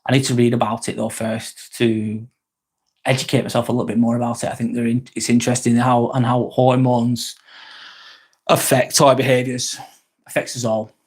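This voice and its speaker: A man's voice: medium pitch, level tone, normal speed, a little mellow, slightly rough. A man hosting a live vlog, talking casually and frankly, swearing often and rambling through restarts as he reads out and answers chat comments.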